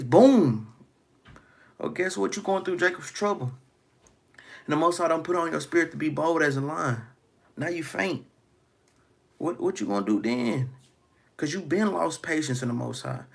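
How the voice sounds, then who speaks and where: A man preaching scripture, reading verses aloud and then breaking them down. His voice sits a little high and has a gravelly, husky grain. He keeps tagging his lines with "man" and "guess what?". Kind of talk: street-style scripture teaching.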